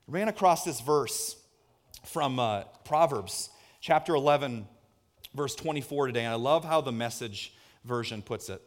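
A male pastor preaching a sermon, telling a lively personal story and acting out the voices in it. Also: moderate pace. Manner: animated storyteller, acts out voices with big pitch jumps. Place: church hall with a screen.

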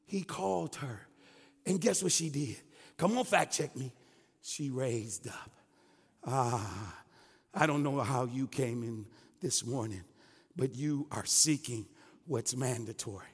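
A man's voice: mid-range voice, unhurried, breathy edge. A man preaching a sermon as pastor, fervent and calling out to his congregation. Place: church sanctuary. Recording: long church hall reverb.

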